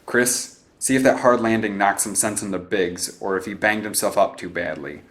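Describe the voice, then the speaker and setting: Give me a man playing a cool, commanding teenage leader, low and sure of himself. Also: normal speed, a bit bright, lightly acted. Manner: commanding, self-assured. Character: bossy 18-year-old boy team leader, cool and imperious.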